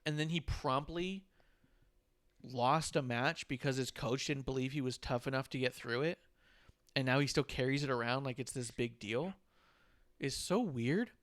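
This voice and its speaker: A man's voice: medium pitch, moderate pace, fairly bright tone. A man co-hosting a casual podcast, talkative and opinionated, putting questions to his co-hosts. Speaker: podcast co-host. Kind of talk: casual chat.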